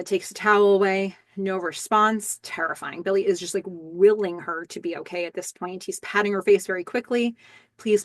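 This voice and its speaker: A woman hosting a rewatch podcast, narrating a TV episode scene by scene and quietly quoting its lines. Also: medium pitch, dry recording. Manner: describes scenes step by step, soft quoting of lines. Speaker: podcast host.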